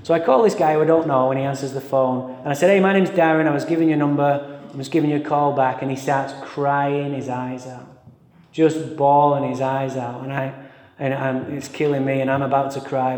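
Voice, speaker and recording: A man giving an animated, self-mocking, swearing storytelling talk to a live audience at a recovery meeting, recorded in a large hall. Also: medium pitch. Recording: echoey hall sound.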